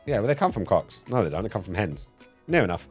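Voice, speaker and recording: Brief: low-voiced Cockney streamer, cheeky banter, swooping lively delivery, faint music behind. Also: male voice, fast talker, slightly rough. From England. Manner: cheeky, laughing, banter-heavy. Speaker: streamer host. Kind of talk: casual gaming chat.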